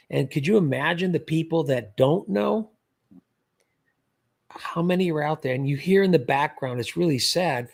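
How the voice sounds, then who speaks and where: Gravelly, husky male streamer, chatty, reads comments aloud. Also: fairly high pitch. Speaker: livestream host, scam baiter. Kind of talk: casual livestream chat.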